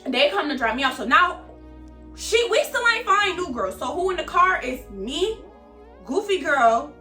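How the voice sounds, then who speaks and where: Young woman, casual storytime vlog, slangy, high voice, swooping delivery. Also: sing-song, moderate pace, bright, forceful tone, roomy sound, faint music behind. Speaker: vlogger.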